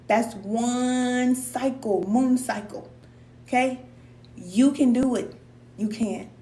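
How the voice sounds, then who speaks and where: Her voice is medium in pitch and dark in tone. She's a spiritual teacher hosting a live stream, offering casual encouragement to viewers she calls cousin, repeating points for emphasis in loose colloquial speech, recorded in an echoey room on a distant mic with a faint hum.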